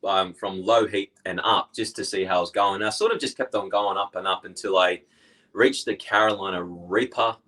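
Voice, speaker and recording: A man's voice: low-pitched, moderate pace, pushed and bright, poor audio. A young man with an Australian accent, a guest in casual chat, rambling through his stories and laughing along.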